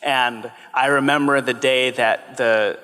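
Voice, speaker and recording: Man in his 30s, children's TV host, earnest and grateful, very bright voice, long hall reverb. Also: mid-range voice, fairly even intonation, smooth. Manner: earnest and grateful, quick bursts of speech. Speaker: children's TV host on a fan convention panel. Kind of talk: casual panel talk. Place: large convention hall.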